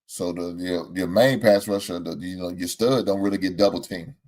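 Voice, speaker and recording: A man hosting a casual sports talk show, using Southern American slang and talking in an animated, exclamatory way with frequent laughs. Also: low voice, moderate pace. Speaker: host.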